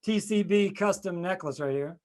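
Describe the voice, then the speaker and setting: Male talk show host, supportive and chatty, with a high voice. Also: moderate pace, a little mellow. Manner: supportive, chiming in with short reactions. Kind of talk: casual chat.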